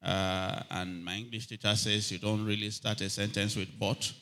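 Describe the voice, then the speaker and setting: A man's voice: fairly low pitch, little pitch movement, moderate pace, bright, forceful tone. A man preaching a sermon, calling for amens from the congregation and reading scripture aloud with rising emphasis. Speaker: pastor.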